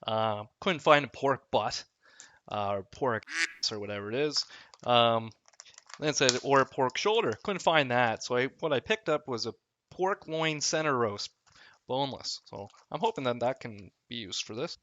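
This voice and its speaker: A man's voice: mid-range voice, expressive, moderate pace, sharp tone, lo-fi sound, a little hiss or hum. A man, chatting casually through a home cooking vlog, rambling and poking fun at himself. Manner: self-deprecating, joking, rambling. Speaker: cooking vlogger. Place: home kitchen.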